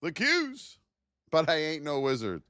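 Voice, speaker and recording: A man streams live market commentary, reading out price levels in an energetic, playful way and teasing his viewers. His voice sits fairly high and rises and falls a lot. The sound is dry and close. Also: measured pace, no echo. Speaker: trading educator streaming live.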